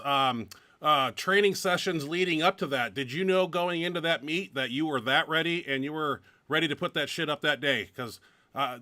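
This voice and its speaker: A male host with a bright, forceful edge to his voice asks loose, winding questions and swears casually. The recording is dry and close, with no room around him. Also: on the high side, no room sound. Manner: rambling questions, swears, many fillers. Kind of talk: casual interview.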